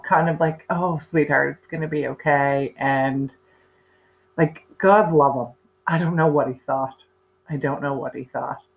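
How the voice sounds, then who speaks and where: Recorded in low quality, this deep-voiced woman, somewhere in her thirties or forties, shares her cancer story openly. Her telling is conversational, and she often fills pauses and starts over.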